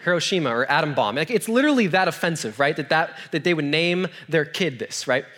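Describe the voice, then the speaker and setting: A man with a fairly high voice preaches as a youth pastor, mixing scripture with funny personal stories. He talks casually, tosses in self-deprecating jokes and keeps asking his listeners questions. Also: animated, brisk, fairly bright tone. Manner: joking asides and self-deprecating humor; conversational, asks the audience questions. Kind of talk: humorous storytelling sermon.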